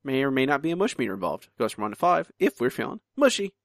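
A man's voice: mid-range voice, sing-song, fast talker, creaky, no echo, clean studio sound. A man hosting a podcast, chatty and teasing, talking casually. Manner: teasing, chatty, stumbles and restarts. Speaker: podcast host. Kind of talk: casual chat.

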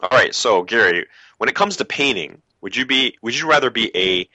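A man's voice: medium pitch, animated, moderate pace, pushed and bright, no room sound, lo-fi sound. A man co-hosting a podcast, chatting casually and laughing often. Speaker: co-host.

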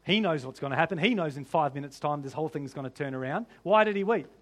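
High-voiced man preaching a sermon. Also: animated, fast talker. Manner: conversational preaching with rhetorical questions to the congregation. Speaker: pastor.

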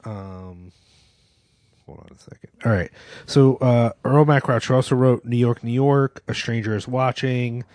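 A man co-hosting a film podcast, telling stories in an excitable, animated way and swearing freely. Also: medium pitch, measured pace, no echo. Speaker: podcast co-host. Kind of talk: casual film discussion.

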